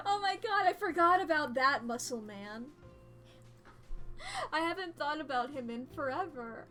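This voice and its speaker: Excitable, high-voiced woman streamer. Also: unhurried, pauses often, faint music behind. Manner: animated, laughing, excitable. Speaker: game streamer. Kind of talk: casual live-stream commentary.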